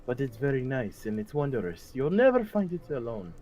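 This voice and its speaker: A man's voice: medium pitch, very animated, normal speed, warm tone, a little hiss or hum, close to an everyday voice. A man voicing a sly male tabaxi cat merchant in a tabletop game, with a wheedling sales patter.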